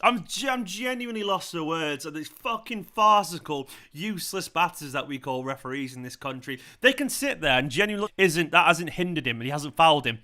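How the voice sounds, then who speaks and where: Hosting a live football watchalong for his fan channel, a young man rants furiously at a referee's decision, swearing again and again and repeating himself. His voice is on the high side, bright and forceful, expressive and brisk with few pauses.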